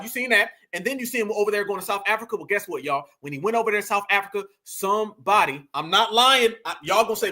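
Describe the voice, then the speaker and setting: A man's voice: sits high, lively intonation, fast, few pauses, bright, forceful tone. A man hosting a commentary video, preaching his points emphatically and repeating them for effect. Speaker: commentary channel host.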